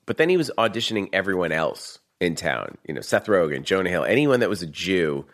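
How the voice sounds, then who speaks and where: A man with a Boston accent telling a story in a fast, profane, animated way as a guest in a casual chat. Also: low voice.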